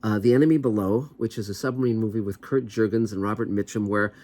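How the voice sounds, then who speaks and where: A man's voice: fairly low pitch, fairly even intonation, fast, a little mellow. A man, a TV writer hosting his own show, giving casual, rambling commentary with a wry, skeptical edge. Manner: rambling, conversational, many asides.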